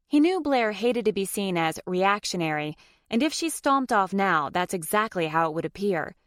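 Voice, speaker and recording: A woman reads a romance audiobook in a measured, even storytelling voice at a middle pitch. The recording is close and bone dry, with no room around her. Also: no room sound. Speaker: audiobook narrator. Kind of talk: scripted narration.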